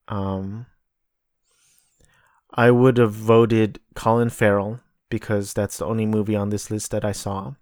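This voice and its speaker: American man, solo podcast host, unhurried, slightly low voice, profane, rambling. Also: no echo, clean studio sound. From United States. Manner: rambling, profane, looks things up aloud. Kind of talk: casual solo commentary.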